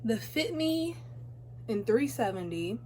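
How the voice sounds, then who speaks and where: A woman's voice: on the high side, big pitch swings, takes it slowly, mellow, slight background noise. Chatty teenage girl, rambling vlog. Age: teens. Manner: rambling, chatty, self-interrupting. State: out of breath. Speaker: beauty vlogger. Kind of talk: casual storytime chat while doing makeup. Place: home, by a window.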